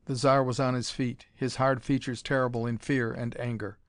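A man's voice: mid-range voice, level tone, moderate pace, few pauses, no room sound. A man narrating a dramatic pulp adventure story, reading it aloud in a dry recording.

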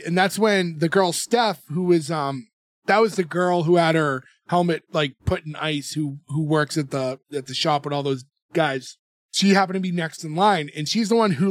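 A man with a slightly high voice, talking in loose casual podcast chat. He rambles through a recap, full of fillers and restarts. His voice sits close and dry on the mic. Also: no room sound. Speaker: podcast co-host.

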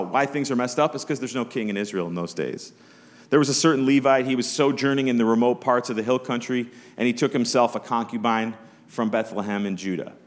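A pastor preaching a Sunday sermon in church, conversational, acting out the voices of Bible characters as he tells the story. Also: on the low side.

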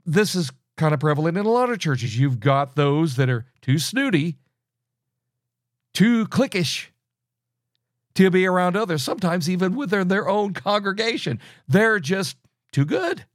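A man's voice: sits high, very animated, measured pace, dry recording, studio quality. A middle-aged man teaching a sermon, earnest and scolding, often restarting his sentences. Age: middle-aged or older. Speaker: preacher.

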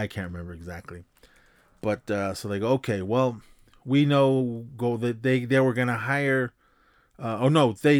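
A man hosting a podcast, casually recapping a film in a rambling, halting way, with lots of fillers and restarts and the odd chuckle. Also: fairly low pitch, no echo, clean studio sound. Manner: chuckles while retelling. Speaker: podcast host.

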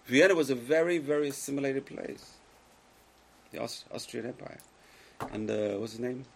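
Gravelly-voiced man teaching a class. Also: mid-range voice, normal speed, noisy background. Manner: emphatic, swings between loud exclamations and quiet asides; questions the listeners directly. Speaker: Torah teacher. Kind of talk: lecture to a live class.

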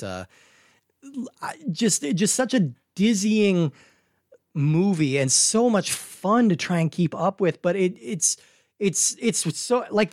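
Here a podcast co-host riffs casually on a film, animated and meandering, with frequent "like"s and restarted sentences. His voice is a little high, and the studio-quality recording has no room sound.

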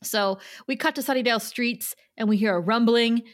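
Recapping an episode in a casual, chatty way with quick asides, a woman co-hosting a podcast speaks in a voice on the high side. The audio is a clean studio recording with no echo.

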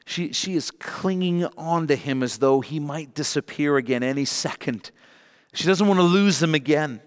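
A man's voice: a little high, normal speed, smooth, long reverb tail. A man preaching an earnest, emotional sermon, acting out the people he quotes. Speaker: pastor.

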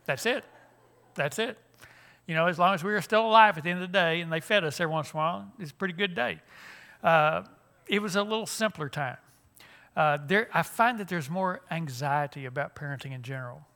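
A man's voice: on the high side, fast talker, gravelly, pushed and bright. An older man, giving a folksy, joking talk at a church conference, with frequent restarts. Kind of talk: humorous seminar talk.

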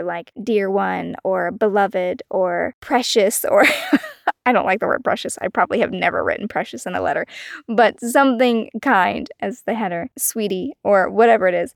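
A woman hosting a solo wellness podcast, talking in a gentle, encouraging way and laughing often. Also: medium pitch, gravelly, no echo, studio quality. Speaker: podcast host.

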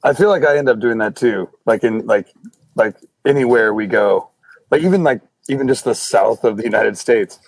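Podcast chat: man, mid pitch, dry sound, meandering storyteller. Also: normal speed, husky, no echo.

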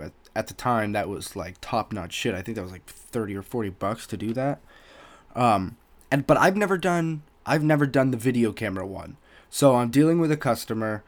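A young man hosting a podcast, casually telling a story from his youth, swearing freely and acting out what people said. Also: lowish voice. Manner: animated, swears a lot, acts out quoted voices. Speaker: podcast host.

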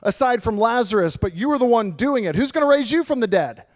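Preacher doing bewildered followers, questions climbing high, a sermon aside. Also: male voice, normal speed, in a large hall. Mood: incredulous. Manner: questioning, disbelieving, rising voice. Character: baffled, incredulous group of male followers.

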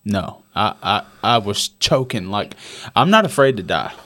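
A man's voice: fairly low pitch, sing-song, unhurried, bright, forceful tone. A man, maybe in his thirties, telling a personal story in casual conversation. He swears and repeats himself for emphasis. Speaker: guest.

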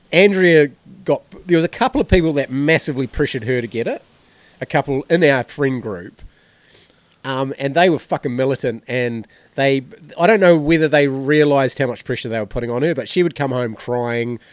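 A man's voice: medium pitch, moderate pace, no echo. A man hosting a podcast, chatting and telling stories bluntly with plenty of swearing. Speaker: podcast host. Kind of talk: casual chat.

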